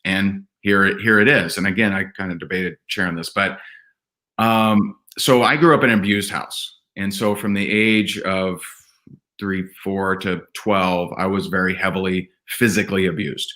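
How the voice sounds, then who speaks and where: A man telling personal stories as a podcast guest, earnest and animated, often restarting his sentences. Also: low voice, normal speed. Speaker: podcast guest, event speaker. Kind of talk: candid conversational storytelling.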